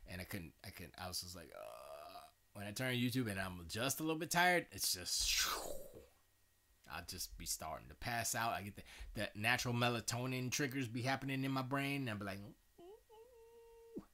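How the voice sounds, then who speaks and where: Man, low-pitched, sharp bright tone, casual meandering talk, fillers, tired. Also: lively intonation, brisk. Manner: meandering, self-correcting, loose slangy talk with frequent fillers. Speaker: livestream host. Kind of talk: casual rambling chat. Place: home studio.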